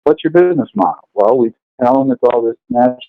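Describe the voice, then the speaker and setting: Animated man over a phone-like line. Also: medium pitch, fast talker. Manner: animated, acts out characters in his stories. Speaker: food law lecturer and podcast guest. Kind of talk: lively storytelling chat.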